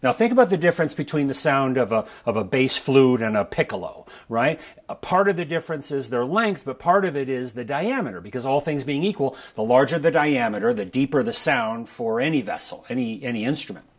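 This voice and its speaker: A man teaching a breath-control exercise for brass players in a relaxed, conversational way, often checking in with the listener. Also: medium pitch, a little fast. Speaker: trombone coach. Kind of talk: instructional video talk. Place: his studio.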